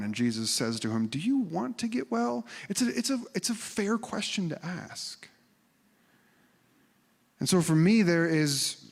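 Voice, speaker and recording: Animated preacher in an echoey hall. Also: male voice, a little high. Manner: animated, conversational, acts out quoted voices and drops to whispers. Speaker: pastor. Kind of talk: sermon.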